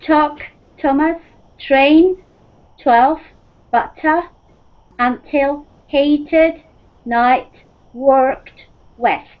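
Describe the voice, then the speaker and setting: A woman's voice: sits high, extremely slow, long pauses. A woman studying English, carefully practicing words during an online lesson. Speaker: language student. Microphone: video call. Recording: lo-fi online call audio.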